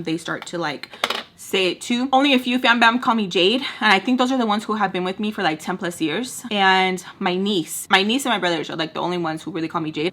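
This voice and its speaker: Bright, chatty young woman telling a story. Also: fairly low pitch. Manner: chatty, rambling asides, slips in Spanish words. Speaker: storytime vlogger. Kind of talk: casual storytime chat while doing makeup. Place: at home, getting ready at a makeup table.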